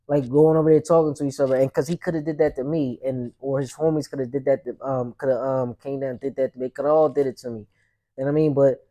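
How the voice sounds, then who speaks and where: Young male host, mellow low timbre, rambling casual street storytelling. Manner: loose, rambling street slang with many fillers. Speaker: podcast host.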